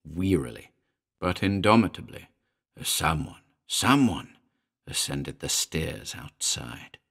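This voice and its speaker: Low gravelly guy reading a creepy story, pitch swooping all over, lots of pauses. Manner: slow, deliberate, dramatic pauses. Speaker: narrator. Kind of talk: horror audiobook narration.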